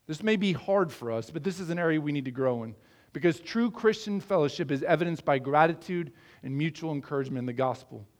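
A man's voice: on the high side, expressive, quick pace, darkish tone. A middle-aged man from the American Midwest preaching a sermon, earnest and conversational, asking his listeners questions. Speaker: pastor.

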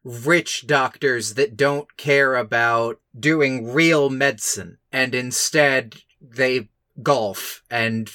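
A man's voice: medium pitch, extremely slow, bright, forceful tone, no echo, clean studio sound. A man co-hosting a podcast, recapping a film in casual chat with sarcastic, mocking asides. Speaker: podcast co-host.

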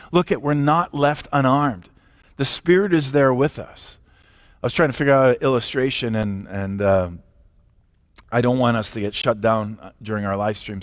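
A pastor giving a livestreamed sermon, emphatic and direct, asking the listeners rhetorical questions and sometimes restarting a word. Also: male voice, medium pitch, no room sound. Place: church or home, recorded for a live stream.

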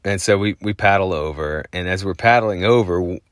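A man's voice: low-pitched, fairly quick, a bit bright, clear, resonant tone, dry recording, studio quality. A man hosting a podcast, telling a casual story in a rambling way with lots of fillers. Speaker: podcast host.

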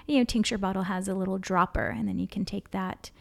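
Gravelly-voiced woman explaining herbs. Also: medium pitch, fairly even intonation, quick pace. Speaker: podcast co-host, herbalist. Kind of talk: casual podcast chat.

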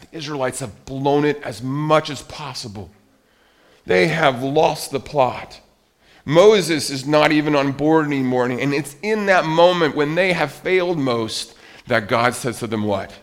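Guy preaching a sermon, mid-pitch voice, gets loud then goes quiet and slow, corrects himself a lot. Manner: expressive, swings between loud emphasis and quiet, drawn-out phrases; frequent self-corrections and restarts while reading scripture. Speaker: pastor.

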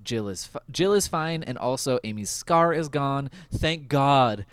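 Animated, giggly young man recapping. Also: medium pitch, a little slow, slight background noise. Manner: laughs often, goofy and animated, lots of fillers. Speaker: podcast host. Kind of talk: casual episode recap chat.

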